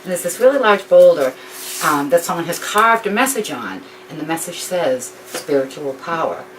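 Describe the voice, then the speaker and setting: A woman's voice: lowish voice, big pitch swings, moderate pace. A woman retelling a story informally, rambling with frequent ums and restarts. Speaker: author telling her story. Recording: distant mic with faint background noise.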